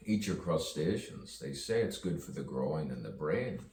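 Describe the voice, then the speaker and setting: Man, very deep voice, unhurried, rhyming rambling monologue, echoey distant recording, faint background hum. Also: expressive, a little mellow. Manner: rhyming, stream-of-consciousness, chuckling. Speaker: poet. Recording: roomy echo, distant mic, faint ambience.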